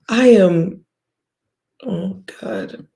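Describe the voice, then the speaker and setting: A woman's voice: medium pitch, gravelly, mellow. A woman hosting a livestream, ranting bluntly and profanely at her viewers with scoffs and sighs. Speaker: livestream host.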